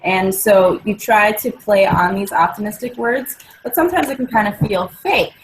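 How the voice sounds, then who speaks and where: A woman speaks in an earnest, explanatory way, walking listeners through her mantras with everyday examples. Her pitch sits in the middle range. A faint noise runs under the recording. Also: lively intonation, moderate pace, poor audio. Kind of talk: casual chat.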